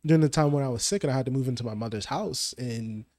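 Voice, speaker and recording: A man's voice: mid-range voice, quick pace, a little mellow. A man hosting a casual faith podcast discussion, talking reflectively and steering the conversation with questions. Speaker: podcast host.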